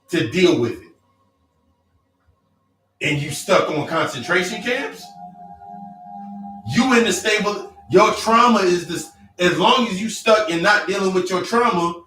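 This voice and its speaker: A man with a raised, forceful voice preaches in a blunt, profane monologue and drives each point home with repetition. He sits back from the mic in a roomy, echoing space. Soft music plays underneath. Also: sits high. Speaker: self-help speaker. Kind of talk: motivational monologue. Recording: echoey room, distant mic, faint music.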